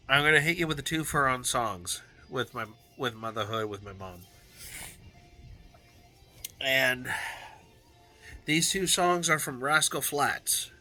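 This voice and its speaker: A man speaking to camera in a personal video journal, slow and unhurried, often breaking off and restarting his sentences. His voice is strikingly bright and sharp. His manner is earnest and heartfelt, over faint background music. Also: medium pitch. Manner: halting, with frequent restarts and fillers. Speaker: vlogger.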